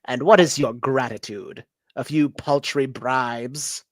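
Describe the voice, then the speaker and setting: A person putting on a slow, menacing petty warlord. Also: no echo, close to an everyday voice. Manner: slow, low, threatening delivery with shouted outbursts. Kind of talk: comic script read-through.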